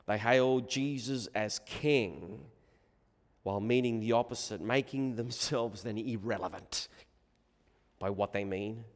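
Slow-paced preacher in a reverberant hall. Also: male voice, on the low side. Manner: swings from hushed, reflective passages to loud, emphatic proclamation. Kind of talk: sermon. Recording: long reverb of a large hall.

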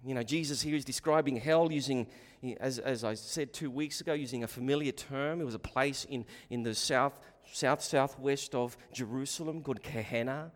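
A man preaching a sermon with passion, surging to loud emphatic bursts and dropping to quiet low asides, often repeating words as he restarts a phrase. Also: normal speed, few pauses. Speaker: pastor. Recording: long hall reverb.

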